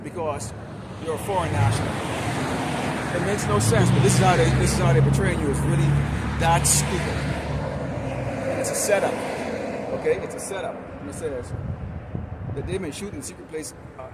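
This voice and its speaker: A man preaching an open-air sermon outdoors by a busy street, in a loud, confrontational and profane manner. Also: a little high, very noisy.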